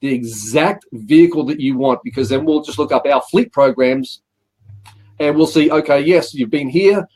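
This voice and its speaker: Australian man, middle-aged, lightly raised pitch, chatty interview guest with rambling stories. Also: normal speed, a little mellow, slightly rough. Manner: rambling anecdotes with acted-out quotes and repeated "he says". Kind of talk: casual interview storytelling.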